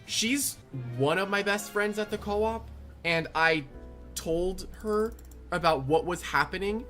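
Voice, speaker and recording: A young adult telling a rambling, animated story in casual storytime fashion. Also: mid-range voice, takes it slowly, faint music behind. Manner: rambling, animated, restarts often. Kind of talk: casual storytime over gameplay.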